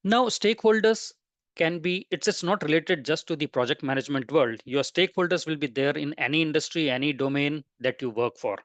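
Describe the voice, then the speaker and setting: A man's voice: fairly high pitch, brisk, a bit bright, no room sound. A man presenting a webinar lecture, explaining step by step and listing terms one after another.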